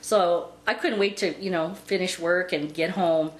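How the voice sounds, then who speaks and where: A woman's voice: fairly low pitch, fairly even intonation, measured pace. A woman telling a long story about her pet in a casual, rambling way, with lots of "and, uh" fillers. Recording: roomy with faint background noise.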